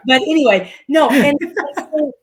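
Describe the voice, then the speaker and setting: A woman's voice: high voice, unhurried, slight background noise. A woman from Litchfield, Illinois, a podcast guest telling a motivational story and repeating her key phrases for emphasis.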